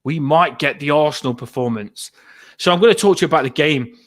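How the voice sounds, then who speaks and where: A man hosting a fan podcast, excitable and rambling, still shaky with adrenaline after a match. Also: on the high side, fairly quick. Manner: breathless, excitable, rambling with laughs.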